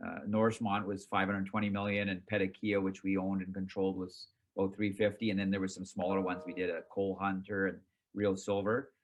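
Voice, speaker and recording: A middle-aged man, chairman and CEO of a company, casually telling the story of his career in an interview, animated and self-mocking, acting out his own past reactions. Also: deep voice, fairly quick, slight background noise.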